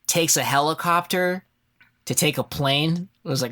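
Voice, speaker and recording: Bright, sharp-voiced co-host, animated and profane. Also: mid-range voice. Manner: animated and profane, quick asides. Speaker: podcast co-host. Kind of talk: casual chat.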